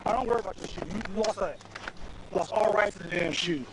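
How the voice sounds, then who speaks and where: A male state trooper, shouting repeated forceful commands at a traffic stop. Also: sits high, brisk. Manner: forceful, repetitive barked orders. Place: outdoors at a roadside traffic stop. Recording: noisy roadside police camera audio.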